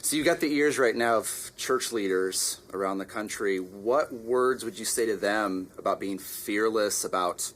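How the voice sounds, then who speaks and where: A man's voice: fairly low pitch, measured pace, hardly any pauses, fairly bright tone, a little hiss or hum. Friendly male podcast host. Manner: friendly, jokey questioning. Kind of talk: casual interview.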